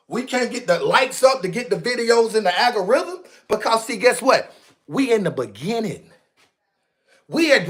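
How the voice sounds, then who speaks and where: A young man rants on his live stream. He sounds animated and preachy and keeps repeating himself. His talk is slangy and street-casual throughout. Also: high-pitched.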